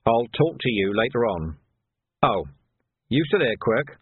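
A man voicing a gruff, hard-bitten middle-aged watch sergeant who speaks curtly with dry sarcasm. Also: mid-range voice, big pitch swings, a little slow, no echo, exaggerated voice. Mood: brisk. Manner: curt, commanding, dry sarcasm. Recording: tinny narrow audio, dry.

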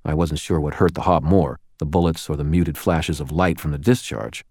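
An audiobook narrator with an extremely deep, low male voice reads scripted narration in a steady, measured first-person style. The recording is close and dry, with no room sound and no echo.

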